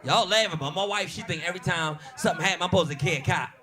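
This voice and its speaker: A man performing a stand-up comedy routine, telling animated, crude stories. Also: sits high, fast talker, a crowd in the background. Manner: animated, crude, punchy storytelling. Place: comedy stage before an audience. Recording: live audience laughing.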